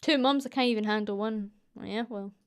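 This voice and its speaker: A woman's voice: mid-range voice, brisk, clean tone. Chatty Scottish woman streamer. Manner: chatty, giggly, rambling. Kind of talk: casual livestream chat.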